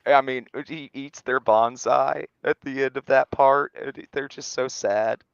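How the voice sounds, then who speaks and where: A man of middle pitch talks through a show review in a measured, analytical way. His voice sounds close and dry, with a slightly dull, muffled tone. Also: steady tone, creaky, smooth, no echo. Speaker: podcast co-host. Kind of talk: casual review chat.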